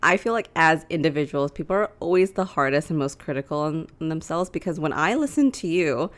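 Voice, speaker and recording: A young woman talks casually as a podcast co-host, her voice sitting low for a woman. She is chatty and laughs often, recorded in a small living room. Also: lively intonation, brisk. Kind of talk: casual chat.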